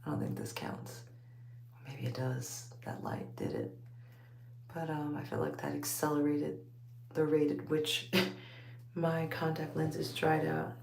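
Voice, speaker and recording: A woman's voice: low voice, unhurried, vocal fry, long pauses, echoey room, background noise. A woman with a Texas accent chatting casually to her viewers late at night at home, rambling, laughing often and calling them y'all. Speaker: vlogger talking to viewers. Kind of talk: late-night casual chat while taking out braids. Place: home at night, under a bright light.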